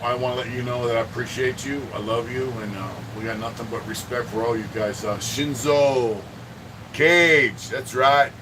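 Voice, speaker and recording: A man's voice: medium pitch, fairly even intonation, moderate pace, far from the mic, background noise. A man hosting a casual livestream, rambling with lots of swearing and greeting viewers by name from his home art studio. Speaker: livestream host.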